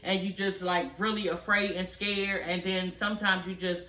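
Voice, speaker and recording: A woman's voice: medium pitch, flat delivery, moderate pace, pushed and bright, echoey room. A woman in her forties giving casual reaction commentary, telling a personal story candidly with lots of profanity and asides. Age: 40s. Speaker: reality show commentator.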